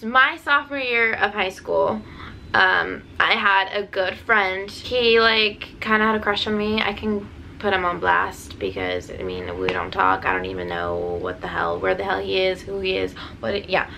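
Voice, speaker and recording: A woman's voice: medium pitch, expressive, normal speed, creaky, pushed and bright, slight background noise, poor audio. A young woman rambling jokily through a casual Q&A vlog, full of fillers and asides. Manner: rambling, jokey, lots of fillers. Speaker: DJ and YouTuber.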